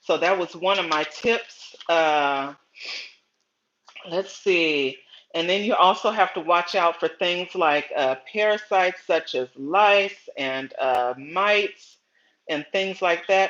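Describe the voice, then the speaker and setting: A middle-aged woman hosting a casual gardening livestream, chatty and storytelling, often pausing to greet viewers by name. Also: on the low side, fairly bright tone, lo-fi sound.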